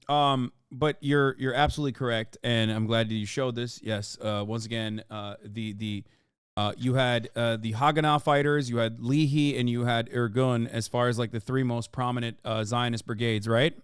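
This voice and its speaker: A man's voice: mid-range voice, normal speed, clean tone, no room sound, studio quality. A man hosting a casual reaction stream, talking heatedly and profanely, his voice climbing when outraged. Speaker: streamer host.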